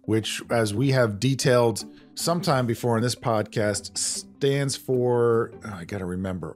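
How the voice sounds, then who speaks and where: A man hosting a podcast, explaining things in a chatty, self-deprecating way. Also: on the low side. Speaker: podcast host. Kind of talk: conversational podcast banter.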